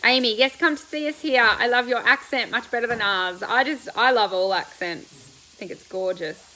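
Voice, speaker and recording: Woman, riding coach, live Q&A chat, bubbly, rambling, bright tone, faint frying sounds behind. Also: fairly high pitch, a little hiss or hum, low-quality recording. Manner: bubbly and chatty, quick laughs, loose rambling answers. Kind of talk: casual live-stream chat answering viewer comments.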